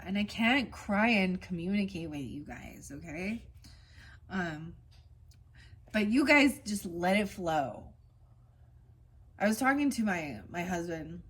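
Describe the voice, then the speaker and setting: A woman reading oracle cards in a casual spiritual vlog, switching between slow, gentle card readings and rambling chatty asides. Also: lowish voice, animated, slightly rough. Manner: reads card meanings in a soft, slow cadence.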